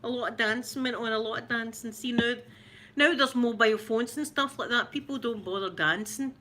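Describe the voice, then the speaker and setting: Scottish lady rambling on her livestream, middle-aged, voice a bit high, faint hiss behind. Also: pushed and bright. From Scotland. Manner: rambling and chatty, quick to laugh, greets viewers by name. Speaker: ASMR livestream host. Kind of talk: casual livestream chat.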